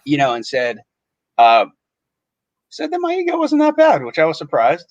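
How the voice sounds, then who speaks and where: A man's voice: on the high side, wildly swooping pitch, moderate pace, no echo. A man, a podcast co-host, telling a story in casual chat and acting out other people's lines in shifting voices. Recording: dull lo-fi sound.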